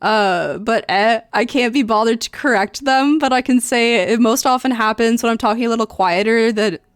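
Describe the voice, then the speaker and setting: A young woman streamer chatting casually as she reads and reacts to forum posts, full of ums and likes and quick laughs. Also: on the high side, clean tone, no room sound, clean studio sound. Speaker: streamer and host.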